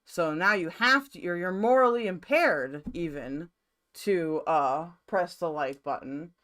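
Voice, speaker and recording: Chill streamer lady in her room, smooth clear voice, just rambling at chat. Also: lowish voice, a little slow, fairly bright tone. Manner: rambling, chatty, casually profane. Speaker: live streamer. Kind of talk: casual live-stream chat.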